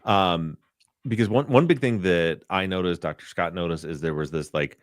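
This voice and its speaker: Male co-host, deep bass voice, earnest and conversational, dry recording. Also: normal speed, dry recording. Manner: earnest, searching for words. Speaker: podcast co-host. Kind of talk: casual conversation.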